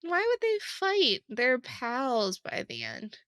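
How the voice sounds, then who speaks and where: A woman's voice: high-pitched, big pitch swings, slow pace, a bit bright, no room sound, clean studio sound. A woman co-hosting a podcast in casual chat. She laughs often and talks playfully from a room beside an open window. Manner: giggly, playful. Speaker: podcast co-host.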